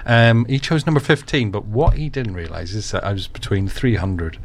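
A man with a fairly low voice hosts a radio show in an easygoing, chatty way. He tells a story before a record, loose and unhurried, with frequent ums and uhs. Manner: relaxed storytelling with fillers. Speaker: radio presenter. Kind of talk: casual radio chat introducing records.

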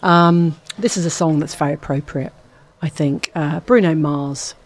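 Woman radio presenter, chatty and upbeat, somewhat low voice, studio mic. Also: a little slow. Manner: chatty and upbeat, with frequent ums. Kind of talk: live radio DJ chat.

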